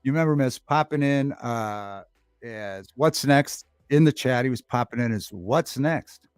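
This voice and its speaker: A man's voice: mid-range voice, measured pace, clean tone, no room sound, clean studio sound, soft background music. A man hosting a livestream talk show, chatting casually, reading the chat aloud and repeating favorite movie lines with relish.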